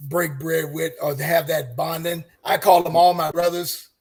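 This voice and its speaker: A man's voice: fairly high pitch, little pitch movement, moderate pace, slightly rough. An older man, a longtime super fan, telling earnest stories on a fan roundtable and giving life advice. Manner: earnest, preachy, gives advice. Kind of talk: casual storytelling.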